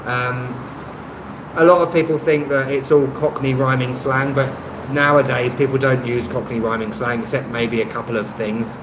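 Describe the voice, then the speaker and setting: A man from West London with a West London accent, hosting a live stream and reading out viewer comments in a relaxed way with lots of ums. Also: mid-range voice, moderate pace. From West London, England. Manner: relaxed, many ums, chuckles at himself. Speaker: YouTube travel channel host. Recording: echoey room, faint traffic noise.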